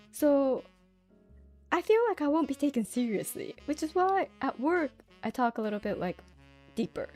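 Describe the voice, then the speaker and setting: Giggly woman streamer with lively pitch. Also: normal speed, faint music behind. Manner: chatty, giggly, lots of fillers. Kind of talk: casual chat with viewers.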